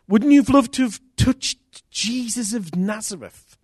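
A man preaching a sermon as pastor, earnest and intimate, with sudden loud rises. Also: sits high, measured pace, slightly rough, dry recording, clean studio sound.

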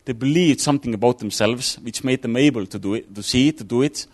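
A man's voice: medium pitch, brisk, a little mellow. A man giving an informal sermon, talking it through casually with fillers and restarts. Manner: conversational, thinking aloud with fillers and restarts. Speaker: preacher.

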